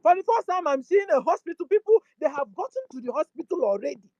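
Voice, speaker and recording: A woman's voice: high voice, big pitch swings, fast talker, dark tone, no room sound, highs cut off. A woman with a Nigerian accent hosting her own channel, pleading in impassioned commentary full of rhetorical questions and lines in Igbo. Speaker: channel host.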